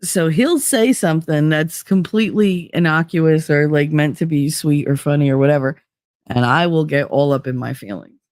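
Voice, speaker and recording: A woman's voice: low-pitched, moderate pace, darkish tone, dry recording, clean studio sound. Blunt, profane woman streamer. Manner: blunt and profane, laughs often. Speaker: live streamer. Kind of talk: casual live-stream chat.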